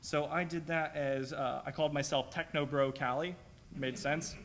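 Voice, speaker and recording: Guy demoing tools at a meetup, chatty, keeps saying right?, slightly high voice. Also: steady tone, moderate pace, a bit bright, slight background noise. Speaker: presenter at a video editors' meetup. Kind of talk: casual live tech demo. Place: meeting room at a live user-group meet.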